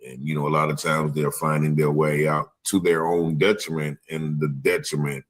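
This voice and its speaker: A man in a casual Bible class discussion, speaking haltingly with many fillers as he introduces a video. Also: very deep voice, flat delivery. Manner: halting, full of "uh" and "you know".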